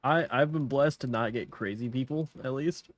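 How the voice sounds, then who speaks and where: A man chatting casually, chiming in with quick joking remarks and laughter. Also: mid-range voice, no echo, soft background music. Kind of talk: casual chat.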